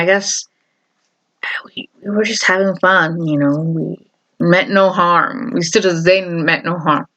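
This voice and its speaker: A woman's voice: fairly low pitch, fairly bright tone, clean tone. A woman vlogger telling a story in a casual, rambling way, full of fillers and laughter. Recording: dull lo-fi recording.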